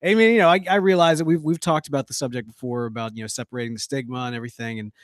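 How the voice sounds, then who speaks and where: A man's voice: medium pitch, rapid-fire, no echo, studio quality. A man co-hosting a pipe tobacco podcast, telling stories in a rambling, self-correcting way. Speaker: podcast co-host. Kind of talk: casual chat.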